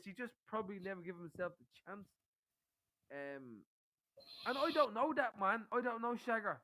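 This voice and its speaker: High bright-voiced man, swearing. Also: animated, moderate pace, low-quality recording. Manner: swearing, pushy banter. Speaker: stream guest. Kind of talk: casual chat.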